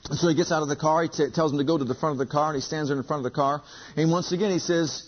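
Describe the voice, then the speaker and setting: Emphatic high-voiced preacher, husky and lo-fi. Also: male voice, fairly even intonation, very fast. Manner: emphatic, repeats lines, acts out dialogue. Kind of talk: sermon storytelling. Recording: dull lo-fi recording.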